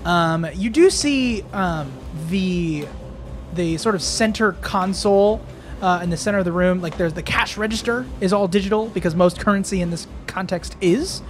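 A man's voice: sits high, moderate pace, soft background music. A man narrating a tabletop game as game master, rambling with many fillers.

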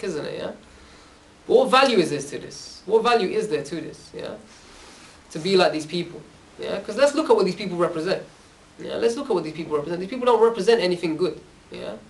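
A man with a high voice gives an informal religious talk to youth, recorded from a distance. He tells the stories in a loose, conversational way and keeps checking in with "yeah?" after nearly every phrase. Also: creaky. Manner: casual, conversational storytelling. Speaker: religious speaker. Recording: distant from the mic.

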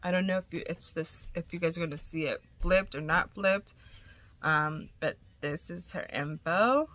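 A woman's voice: lowish voice, moderate pace, fairly bright tone. A woman vlogger chatting casually and gushing as she unboxes crochet gifts, cursing now and then.

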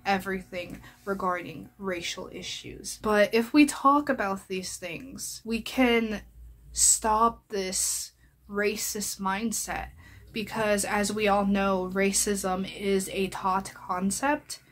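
A woman's voice: mid-range voice, steady tone, takes it slowly. A young adult woman speaking earnestly and heartfelt to her viewers as a vlogger. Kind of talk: personal address to viewers.

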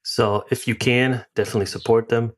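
A man's voice: medium pitch, steady tone, fairly quick. A man with an American accent hosting a podcast, talking in a rambling, casual way full of fillers. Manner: rambling, filler-heavy, chatty. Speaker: podcast host.

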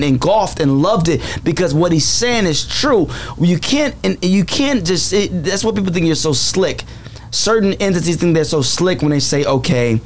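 A man's voice: a little high, slight background noise. A man who is an actor and comedian, telling stories as a guest in a casual interview with a dramatic, self-aware manner.

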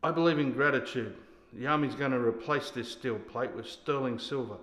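An actor playing a drunk, bullying older army sergeant who barks insults and orders. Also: male voice, mid-range voice, normal speed, fairly bright tone, close to an everyday voice. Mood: commanding. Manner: barking, insulting, commanding. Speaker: actor in a scene. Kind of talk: stage scene acting. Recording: echoey hall.

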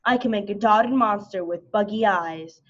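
Brief: a show-off storybook magic chicken, as a woman reading aloud puts it on, loud and bragging, dull lo-fi sound. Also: medium pitch, moderate pace, close to an everyday voice.

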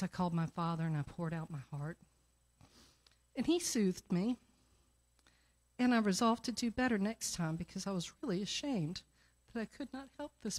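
Middle-aged woman telling a lively church story. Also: lowish voice. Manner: lively storyteller, acting out quoted voices. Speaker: church member giving the offering talk. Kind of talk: personal story leading into the offering. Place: church sanctuary.

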